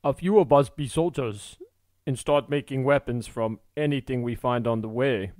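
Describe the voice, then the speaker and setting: A man's voice: medium pitch, moderate pace, darkish tone, dry recording, lightly acted. Brief: man reading as a skinny frightened fugitive, pleads anxiously, close and dry. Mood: pleading. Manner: nervous, pleading. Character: nervous pleading runaway man, skinny and hungry.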